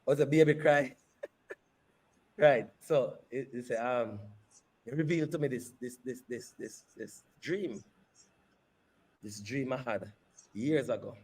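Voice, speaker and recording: A man, a company CEO, telling a personal story in an interview with animated, repeated phrases. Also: medium pitch, slow pace, long pauses, slightly rough. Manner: animated retelling that repeats phrases and slips into patois.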